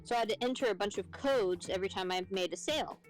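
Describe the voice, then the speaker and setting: A woman's voice: medium pitch, quick pace, soft background music, low-quality recording. A young woman in casual chat, ranting and swearing as she tells stories about her job. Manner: profane ranting storyteller, swears often. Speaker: streamer co-host.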